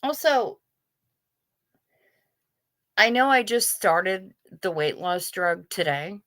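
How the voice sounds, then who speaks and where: Livestream host: middle-aged woman, slow, bright wry chat, dry close mic. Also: medium pitch, lively intonation, no room sound. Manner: chatty, wry, self-deprecating. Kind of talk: casual livestream chat reading chat.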